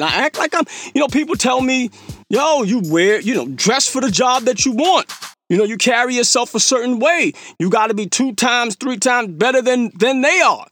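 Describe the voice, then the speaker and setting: A man with a very high-pitched, pushed, bright voice hosts a podcast. In a casual, slangy monologue he tells stories, acts out things he once said, and laughs at himself.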